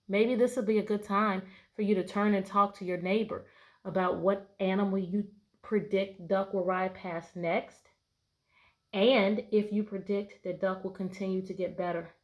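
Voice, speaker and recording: A woman teacher reading a picture book aloud to her class, patiently asking prediction questions between pages. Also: medium pitch. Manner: bright, playful voices for story animals.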